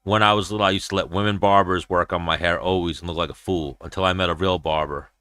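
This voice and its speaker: A man hosting a casual livestream chat who tells stories in a profane, animated way and acts out his own quoted lines. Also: sits low, quick pace, smooth, no room sound, clean studio sound. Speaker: show host.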